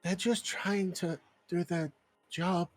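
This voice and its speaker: A man voicing an earnest, well-meaning adventurer in a tabletop game, asking loud, sincere questions. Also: high-pitched, steady tone, slow, soft background music.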